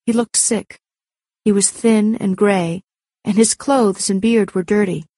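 A woman narrating a story aloud in a clear, measured storytelling manner. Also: medium pitch, fairly even intonation, dark tone, dry recording. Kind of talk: scripted audiobook narration.

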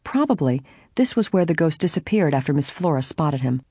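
An audiobook narrator reading a mystery novel in a steady, measured scripted narration. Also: mid-range voice, breathy edge, dry recording, studio quality.

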